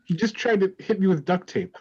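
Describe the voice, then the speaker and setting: A hesitant young woman, played by an actor in an improvised stage comedy. She talks sheepishly at a middle pitch. The sound is dull and muffled. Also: expressive, brisk, a little mellow, breathy edge. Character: young woman fleeing an engagement.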